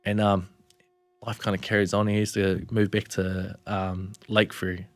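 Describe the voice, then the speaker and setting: Low-voiced New Zealand guy telling a story. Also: flat delivery, moderate pace, no room sound. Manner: laid-back, swears often, tags lines with "bro". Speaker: podcast guest. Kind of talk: casual storytelling.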